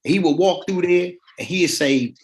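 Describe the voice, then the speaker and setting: A man's voice: high voice, a little slow. A middle-aged man, a podcast guest, casually telling his life story in colloquial speech and acting out the people in it. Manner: colloquial, relaxed street talk.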